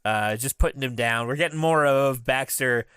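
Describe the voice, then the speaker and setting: A man's voice: mid-range voice, moderate pace, a bit bright, clear, resonant tone, no echo, studio quality. A man in his thirties co-hosting a podcast, recapping episodes in a laughing, enthusiastic casual chat. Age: 30s. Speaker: podcast co-host.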